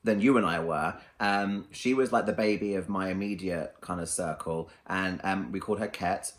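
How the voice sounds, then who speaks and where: A man's voice: sits low, moderate pace. A man in his thirties hosting a casual chat, teasing and reminiscing with his guest. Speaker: host.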